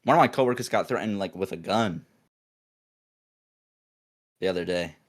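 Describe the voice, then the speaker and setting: A young man, a podcast co-host, telling a work story in a rambling, animated way, full of restarts and acted-out quotes. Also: low-pitched, moderate pace. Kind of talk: casual storytelling chat.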